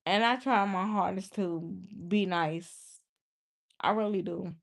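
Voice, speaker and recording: A woman's voice: medium pitch, slow pace, creaky. Exasperated young woman talking to her chat. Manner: exasperated, scolding, talks straight to viewers. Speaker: livestreamer. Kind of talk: casual live-stream talk to chat.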